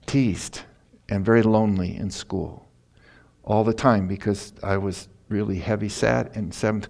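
A man's voice: on the low side, creaky, a little mellow. A middle-aged male pastor preaching a sermon in a folksy, emotional way, laughing through personal stories.

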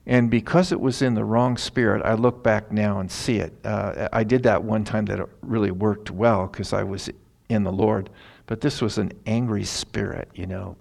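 Gravelly low-voiced pastor. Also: male voice, normal speed. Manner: earnest, animated retelling with emphatic rises. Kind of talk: sermon storytelling.

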